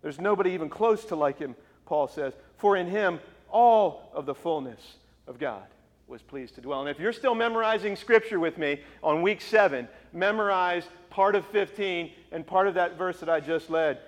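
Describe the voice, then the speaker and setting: A male pastor delivers a sermon with emphatic, insistent phrasing, repeating lines for force. His voice sits somewhat high for a man. The sound rings with the long reverb of a large church hall. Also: normal speed. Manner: emphatic, rising to forceful repetition.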